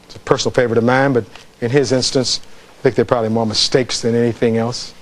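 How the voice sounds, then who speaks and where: A man's voice: medium pitch, little pitch movement, fast. A man, a defense attorney, giving a closing argument in a courtroom, reading testimony aloud and putting rhetorical questions to the jury.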